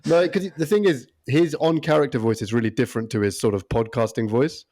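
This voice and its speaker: Laughing British man co-hosting a podcast. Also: mid-range voice. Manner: animated, laughs often, does quick impressions. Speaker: podcast co-host. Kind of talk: casual chat.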